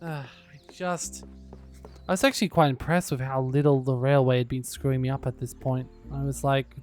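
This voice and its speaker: A man giving relaxed gameplay commentary, muttering to himself with dry, sarcastic asides. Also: mid-range voice, normal speed, soft background music. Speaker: gaming YouTuber.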